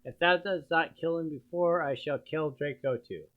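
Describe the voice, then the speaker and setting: A man voicing a cruel male dark lord in a raspy, wrathful, mock-archaic tone. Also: a little high, moderate pace, voice pushed up, close to an everyday voice. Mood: menacing. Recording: dull lo-fi stream audio.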